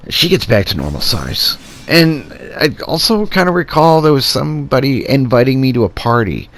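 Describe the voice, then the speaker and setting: A man telling a casual, rambling personal anecdote and acting out the quoted dialogue as he goes. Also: mid-range voice. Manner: animated, acts out quoted dialogue in rambling asides. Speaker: storyteller vlogger.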